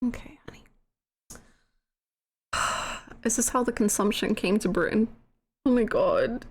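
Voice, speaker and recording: A woman's voice: medium pitch, measured pace. A woman streamer giving playful, giggly, exclamatory commentary on a live game playthrough. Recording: game music under the voice. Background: game music.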